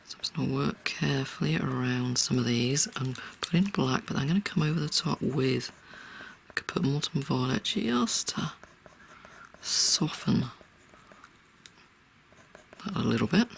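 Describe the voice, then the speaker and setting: Soft-spoken, half-whispering art tutor with vocal fry. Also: mid-range voice, unhurried, long pauses, slight background noise. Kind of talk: real-time drawing tutorial talk.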